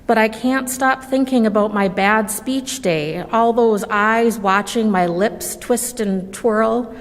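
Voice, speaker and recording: A woman reading a children's story aloud at a church service, gentle and measured. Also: fairly high pitch. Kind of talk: slow storybook read-aloud. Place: church sanctuary. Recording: long reverb of a large hall.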